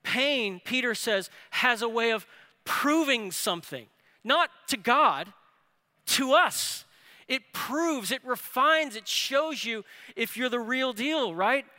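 A man preaching a sermon, telling a family story with rising excitement. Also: very high voice, slow. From New Orleans area. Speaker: pastor. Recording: reverberant hall.

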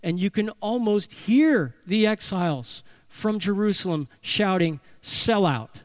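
A man's voice: high-pitched, unhurried, dry recording. A man preaching a sermon as a pastor, delivering it animatedly. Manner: animated preaching, acting out voices for emphasis.

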